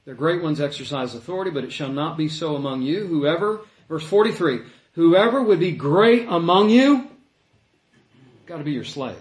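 A man preaching a sermon in an animated way, acting out the voices he quotes. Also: fairly high pitch, moderate pace. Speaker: pastor. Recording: echoey room.

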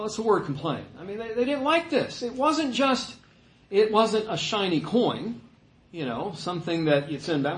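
A man preaching a sermon in a conversational way, with joking asides and animated emphasis. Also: on the high side. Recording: echoey room.

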